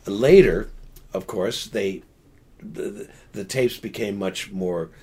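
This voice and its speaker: A man's voice: on the low side, mellow, breathy edge. Older man telling a rambling story. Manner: rambling, halting restarts, laughing asides. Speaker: guest. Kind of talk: casual storytelling.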